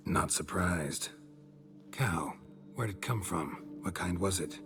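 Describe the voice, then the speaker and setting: An actor playing a gruff, weary middle-aged monster hunter who speaks in short, clipped, businesslike lines in a video game. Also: male voice, sits low, slow, fairly bright tone, soft background music. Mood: curt.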